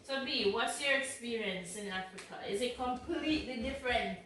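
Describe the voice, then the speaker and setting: A woman's voice: a little high, normal speed, a bit bright, slight background noise. A woman hosting a family vlog, teasing and prompting the others with questions. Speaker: host. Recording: echoey room, mic at a distance.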